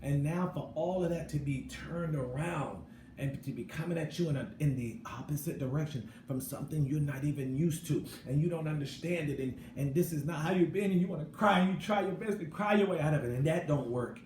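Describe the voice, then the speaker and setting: Man, middle-aged, blunt casual commentary, slightly high voice, echoey noisy room. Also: a little fast. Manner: blunt, animated, swings between loud and low. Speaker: channel host. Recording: echoey room with background noise.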